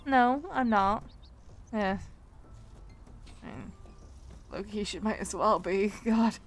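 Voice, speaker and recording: A woman streaming a video game, chatting loosely, laughing often and swearing in loud bursts of frustration. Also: medium pitch, slow pace, faint music behind. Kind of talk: let's play commentary.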